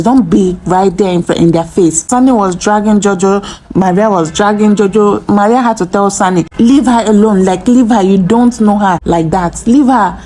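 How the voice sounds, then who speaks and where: Woman, mellow warm voice, medium pitch, casual opinionated recap host, acts out quotes.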